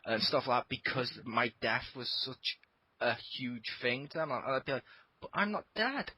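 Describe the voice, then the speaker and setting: Bright-voiced man spinning stories. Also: medium pitch, normal speed, husky, no echo, rough recording. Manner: animated storyteller, swears freely. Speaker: podcast co-host. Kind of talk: casual group chat.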